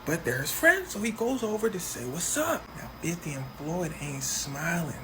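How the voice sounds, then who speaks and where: A man telling a comedic story fast, with slang and quick switches into voices for each person in it. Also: fairly high pitch, big pitch swings, noisy background.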